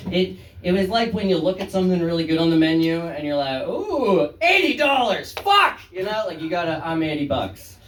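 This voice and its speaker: Rambling, self-deprecating young comedian. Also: male voice, a little high, steady tone, quick pace, few pauses, a little mellow, slight background noise. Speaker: stand-up comedian. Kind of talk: stand-up set. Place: small room, live audience. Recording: echoey room from far off.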